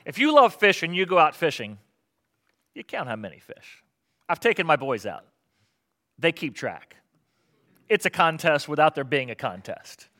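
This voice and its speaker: A middle-aged man preaching a sermon as pastor, conversational and animated, asking the congregation rhetorical questions. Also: a little high.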